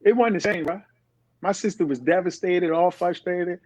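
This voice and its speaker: This is a middle-aged man's high-pitched voice at a moderate pace, as a guest on a podcast. He tells stories casually and with animation, voicing the people in them himself. The recording is dull and dry, without echo.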